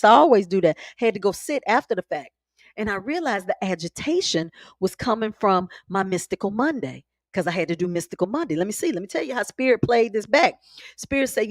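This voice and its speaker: A woman's voice: medium pitch, a little fast, dry recording. Spiritual live-stream host, woman, chatty and emphatic, dry close sound. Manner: chatty, animated, emphatic, folksy. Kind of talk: casual live-stream talk. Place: home.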